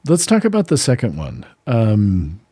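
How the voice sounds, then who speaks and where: Young guy rambling about stories, husky mellow voice, super dry mic. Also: mid-range voice, wildly swooping pitch, unhurried, no echo. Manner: rambling, self-interrupting storyteller. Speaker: podcast co-host. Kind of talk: casual book-discussion chat.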